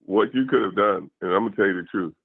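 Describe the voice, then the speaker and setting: A low, gravelly male voice comes through a tinny, dry phone line. The caller speaks earnestly, stammering as he complains. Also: fast, no room sound. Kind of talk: phone-in call.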